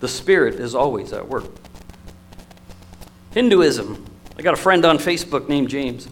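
A man preaching a sermon, telling stories in an emotional, storytelling manner with lively swings in loudness. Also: medium pitch, unhurried, poor audio.

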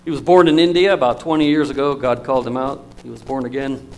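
A man preaching a sermon, telling stories in an emotional, storytelling manner with lively swings in loudness. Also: mid-range voice, quick pace, low-quality recording.

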